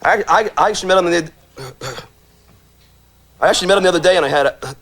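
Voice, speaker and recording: A man's voice: high voice, quick pace, a bit bright. A man who stutters, repeating words, telling self-mocking stories and laughing often. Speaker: radio show regular. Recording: noisy recording.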